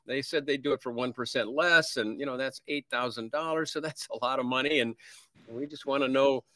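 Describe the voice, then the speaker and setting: A man's voice: sing-song, fast talker, no echo. A jittery home seller pleads in a raised, wavering voice, as a man acts it out. The tone is timid and hesitant. The sound is dry and close. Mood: pleading. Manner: timid, pleading, voice rising high. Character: nervous home seller asking for a discount.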